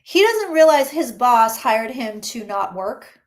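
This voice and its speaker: A woman's voice: fairly high pitch, big pitch swings, slow. A woman, a psychic reader, chatting through a live-streamed tarot reading and answering questions from the chat.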